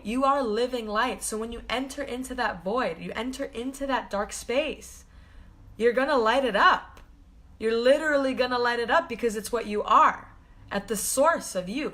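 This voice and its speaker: A woman's voice: mid-range voice, fairly bright tone. A woman hosting a live-streamed spiritual talk, earnest and gushing, greeting viewers by name as she speaks.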